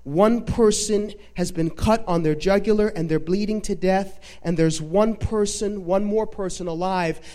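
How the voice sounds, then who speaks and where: A man preaching a sermon, dramatically retelling a film with emphatic pauses. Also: high voice, mellow. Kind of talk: sermon storytelling.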